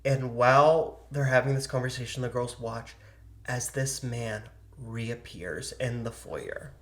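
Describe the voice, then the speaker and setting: A woman with a bass voice speaks unhurriedly as she co-hosts a podcast from an indoor setup, with a roomy sound. In casual chat, she retells a story and acts out the voices of its people.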